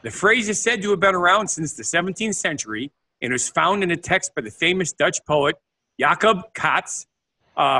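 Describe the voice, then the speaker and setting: A man co-hosting a podcast, explaining things in a casual chat and sometimes reading out facts, now and then pausing to search for words. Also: a little high, bright, forceful tone. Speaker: podcast co-host.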